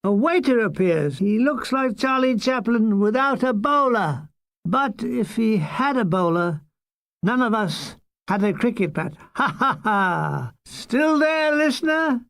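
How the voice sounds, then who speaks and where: A man reading his own comic memoir aloud, dry and wry, with deadpan jokes and asides to the listener. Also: high voice, unhurried, dry recording.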